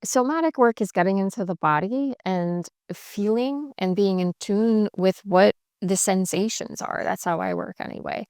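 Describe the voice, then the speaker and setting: A woman working as a couples coach, explaining in a measured and emphatic way on a podcast. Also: medium pitch, darkish tone, clear, resonant tone, no room sound, clean studio sound.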